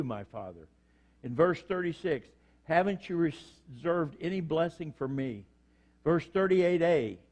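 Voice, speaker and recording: Older guy preaching, folksy storyteller, voice sits a bit high, does the voices in his stories. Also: darkish tone. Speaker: pastor. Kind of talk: sermon.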